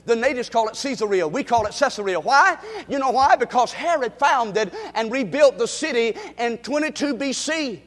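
High-voiced preacher in a reverberant sanctuary. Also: male voice, expressive, normal speed, a bit bright. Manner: call-and-response exhortation, rhetorical questions. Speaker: pastor. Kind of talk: sermon. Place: church sanctuary with congregation. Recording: long reverb of a large hall.

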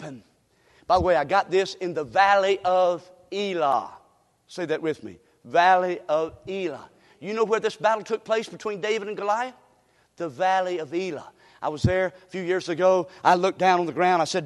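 A man, preaching a sermon as pastor, swinging from low asides to shouting. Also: animated, normal speed. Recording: long hall reverb.

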